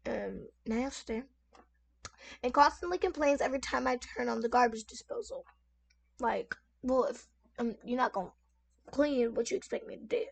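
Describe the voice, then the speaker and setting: Brief: high-pitched woman, chatty story reader, talks straight to her viewers with lots of asides. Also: moderate pace, gravelly. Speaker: content creator reading online stories. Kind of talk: casual story reading and reacting. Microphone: desk microphone at lowered sensitivity.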